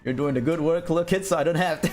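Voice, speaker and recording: A man's voice: fairly high pitch, rapid-fire, darkish tone. A middle-aged man streaming while he draws. He chats casually, reads chat aloud and laughs often. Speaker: art streamer.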